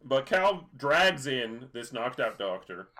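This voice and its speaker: A man chats his way through an episode recap, circling back with fillers and restarts as he goes. His voice is bright and sits at an ordinary mid pitch, and his speech stays loose and conversational. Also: sing-song, slow. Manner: rambling, many fillers and restarts. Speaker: podcast co-host. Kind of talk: casual chat recapping an episode.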